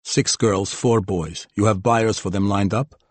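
A male audiobook narrator voicing a stern, grey-haired military major who speaks softly and curtly. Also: fairly even intonation, a little slow, dry recording. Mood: cold. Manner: low, soft and clipped.

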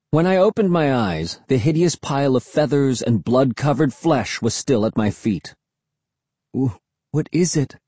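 A man narrates a first-person audiobook with measured, even storytelling. His husky voice sits at a middle pitch. The recording is dry and close, with no room around it. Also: dry recording.

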